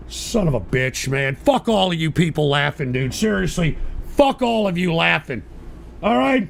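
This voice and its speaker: Furious gravelly high-voiced man ranting. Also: expressive, measured pace, no room sound. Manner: profane, yelling and cursing at his audience. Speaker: live-stream radio host. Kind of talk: angry live-stream rant at chat.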